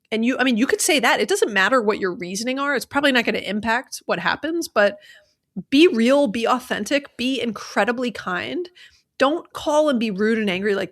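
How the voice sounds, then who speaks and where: With a fairly high, fairly bright voice, this woman from the American South co-hosts a podcast about money. The talk is casual and filler-heavy, and she plays out sample scripts for calls.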